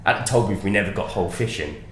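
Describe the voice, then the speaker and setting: A young man, a head chef, telling stories on a podcast in a lively, casual way, swearing and mimicking people. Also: deep voice, quick pace, echoey room, slight background noise. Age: young adult.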